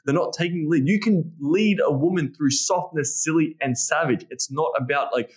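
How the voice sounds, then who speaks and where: A man's voice: on the high side, normal speed. A man in casual podcast talk as a dating coach, blunt and profane, acting out his own lines.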